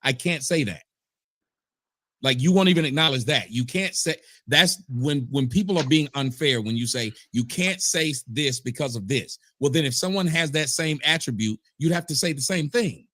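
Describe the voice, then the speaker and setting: A man's voice: a little high, expressive, normal speed, sharp tone, no echo, studio quality. A man in a live-streamed discussion, argumentative and sarcastic, restarting to push his point.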